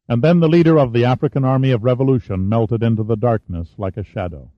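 A man reading a novel aloud as narrator, telling the story in an even manner and shifting his voice for the dialogue. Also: mid-range voice, fast talker, few pauses, dry recording, dull audio. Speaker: audiobook narrator. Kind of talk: scripted narration with character voices.

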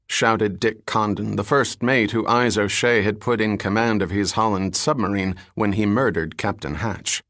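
A man reading an adventure novel aloud in measured, scripted narration. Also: on the low side, fairly even intonation, a bit bright, dry recording, studio quality. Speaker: audiobook narrator.

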